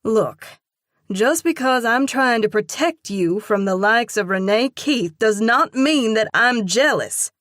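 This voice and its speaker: A woman voicing the heroine of a romantic audiobook, a spirited young woman who answers in clipped, sharp retorts. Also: mid-range voice, a little slow, no echo, studio quality, pitched above the performer's own voice, close to an everyday voice. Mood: defensive.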